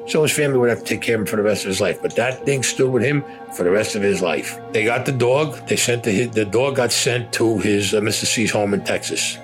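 A man bluntly recounting a war story in rough, profane, casual speech. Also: on the low side. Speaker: veteran storyteller.

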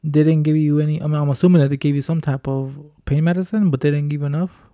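A man hosting a casual interview, relaxed, restarting his questions. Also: fairly high pitch, fast talker, no room sound, studio quality. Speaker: host, interviewer.

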